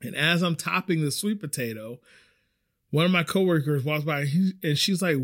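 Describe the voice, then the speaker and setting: A young man hosting a podcast, telling a rambling, animated story about a bad work shift, swearing casually as he goes. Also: on the high side, moderate pace. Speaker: podcast host.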